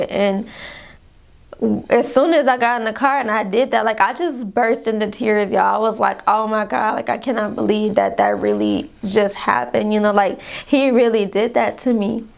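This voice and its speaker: A woman's voice: mid-range voice, normal speed, vocal fry. A young woman telling a painful personal story to her viewers in a vlog, rambling, calling them y'all, fighting back tears. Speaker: vlogger.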